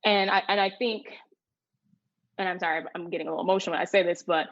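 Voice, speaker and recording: A young woman co-hosting a podcast, asking interview questions in halting, searching phrasing. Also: lowish voice, fairly even intonation, vocal fry, dry recording, highs cut off. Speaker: podcast co-host.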